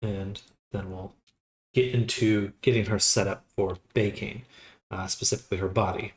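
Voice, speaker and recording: A man casually thinking aloud with pauses while he works live on a 3D model. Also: lowish voice, fairly even intonation. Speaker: 3D modeling streamer. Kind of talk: casual live-stream commentary while working.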